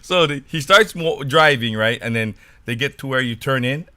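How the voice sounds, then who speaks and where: A man's voice: mid-range voice, moderate pace, bright, forceful tone, no echo, studio quality. A man from Hawaii co-hosting a podcast, telling a funny story in casual chat and laughing along as he goes. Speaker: podcast co-host.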